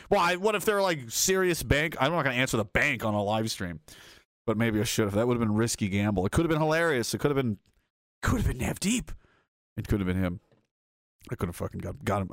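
A man's voice: mid-range voice, gravelly, no room sound, clean studio sound. A man hosting a live stream, reading out chat and rambling in a casual, profane way while laughing often.

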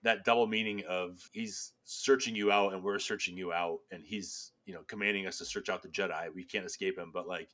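A man in casual chat reacting to a trailer, excited and rambling with lots of fillers. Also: low-pitched, brisk, hardly any pauses.

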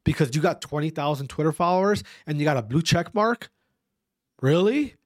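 A man's voice: fairly high pitch, expressive, moderate pace, no echo, studio quality. A young man delivering a heated, profane rant to his viewers, lecturing and repeating himself with frequent "all right?" checks. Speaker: esports commentator ranting to viewers.

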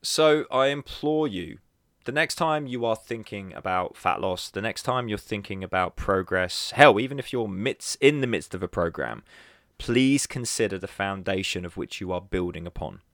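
A podcast host delivers a solo monologue in a casual, animated way, chuckling whenever he slips up. He speaks at normal speed with lively intonation, and his fairly bright, low-leaning voice is recorded cleanly in a studio with no room sound.

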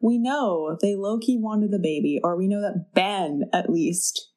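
Young woman recapping a movie, plays out the lines, mid pitch. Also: a little slow. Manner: animated storyteller acting out characters' lines. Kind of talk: casual chat recapping a movie.

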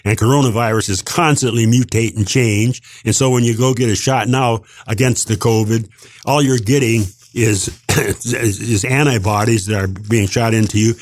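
A man's voice: medium pitch, fairly even intonation, normal speed, dry recording. An older man delivering a heated, rambling opinion monologue as a podcast co-host, emphatic and indignant, with frequent restarts.

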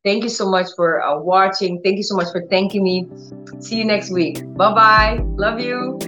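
A woman preacher telling a healing testimony in an animated way, acting out the dialogue as she goes. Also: mid-range voice, normal speed, lo-fi sound, over music. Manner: animated storytelling, acts out dialogue. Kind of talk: testimony teaching.

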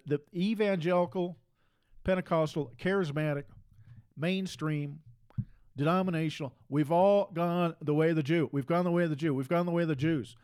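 A man delivers a preaching monologue in a voice pitched slightly higher than usual. He is insistent and repetitive, hammering the same phrases over and over. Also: a little mellow, clear, resonant tone.

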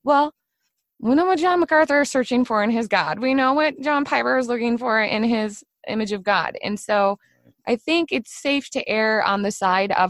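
A middle-aged woman with a slightly high voice hosts a laid-back podcast at normal speed. She brings energy to her storytelling, acting out each quoted voice. No echo is audible.

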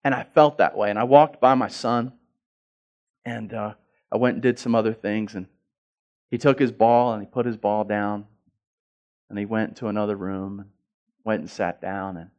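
Middle-aged man, pastor, sermon delivery; animated storyteller, stumbles and repeats words, big swings between loud and soft. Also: on the low side, moderate pace, pauses often.

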